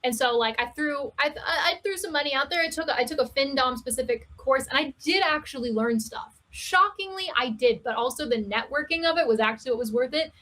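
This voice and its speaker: A woman talking candidly as a podcast guest, telling stories with laughs and quick asides. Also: high voice. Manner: candid, laughing, animated storytelling. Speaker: guest, cam performer. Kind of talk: casual podcast chat.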